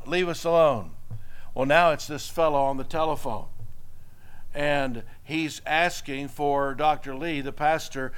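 A man's voice: a little high, smooth. A man preaching a sermon, telling a story and building to emphatic exhortation. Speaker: pastor.

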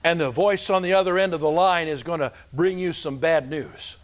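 A man's voice: fairly high pitch, steady tone, normal speed. A man preaching a sermon as pastor, earnest and emphatic, repeating his key phrases. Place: church sanctuary.

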